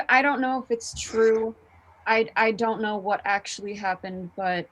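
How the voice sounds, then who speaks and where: Brief: woman at a mid pitch, a quiet, subdued player in a tabletop game. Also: low-quality recording. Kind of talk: casual tabletop role-play.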